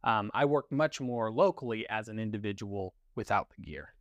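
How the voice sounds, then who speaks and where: A man's voice: on the low side, moderate pace, fairly bright tone, no echo, dull audio. A man, a guest on a filmmaking podcast, talking casually and rambling with fillers and restarts. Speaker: guest, cinematographer and gaffer.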